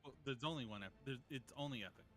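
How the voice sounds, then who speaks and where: A man's voice: mid-range voice, fast. A man on voice chat during a game, with a walkie-talkie voice effect, giving short casual replies. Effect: voice changer, walkie-talkie sound. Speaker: co-op teammate on voice chat.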